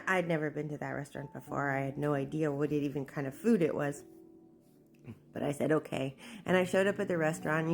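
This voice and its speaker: Woman, low voice, gravelly, candid personal storytelling, acts out quotes. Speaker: memoir narrator.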